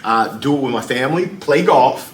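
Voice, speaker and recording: A man's voice: mid-range voice, moderate pace, slight background noise. Upbeat, playful man in echoey room. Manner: upbeat, playful, animated storytelling. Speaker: guest speaker. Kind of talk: lively interview conversation.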